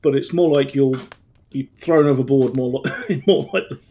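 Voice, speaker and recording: A man chatting as a player, joking in a wry, deadpan way. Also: mid-range voice, moderate pace, slight background noise. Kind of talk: casual chat among friends.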